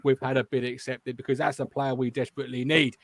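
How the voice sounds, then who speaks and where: A man's voice: medium pitch, level tone, fast talker, a little hiss or hum. A man with an English accent hosting a football fan show, chatting casually and reading out viewer comments. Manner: banter, reads viewer comments aloud.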